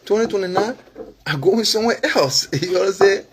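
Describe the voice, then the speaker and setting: Heavy background noise surrounds a high, expressive male voice moving at a fairly quick clip. He's a Liberian English-accented political vlogger and former candidate, chatting warmly with followers, laughing softly and frequently checking "you understand?"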